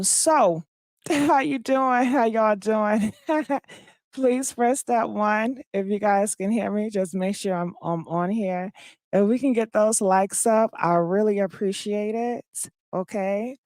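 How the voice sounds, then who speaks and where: A woman hosts a casual live-stream of gossip commentary, sounding freshly woken and low on energy as she talks straight to her viewers with lots of fillers. Her voice is a little mellow, and the recording is dry with clean studio sound.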